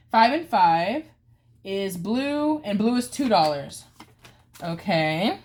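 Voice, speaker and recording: A woman's voice: mid-range voice, expressive, drawn-out words, noisy background. Chatty woman vlogging savings games. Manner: chatty, dramatic groans and cheers over dice rolls. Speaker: budgeting channel host. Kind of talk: casual savings challenge vlog.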